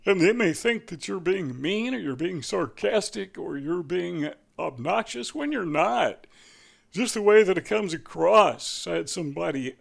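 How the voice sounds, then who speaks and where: A man hosting his own channel, talking earnestly through numbered points of advice and sometimes pausing to search for a word. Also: high-pitched, creaky. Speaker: channel host. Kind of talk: talking-head advice monologue.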